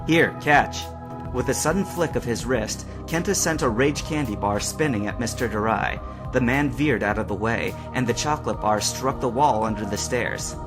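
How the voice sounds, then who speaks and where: A man narrating a fan-fiction story aloud with expressive storytelling. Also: mid-range voice, normal speed, few pauses, over music.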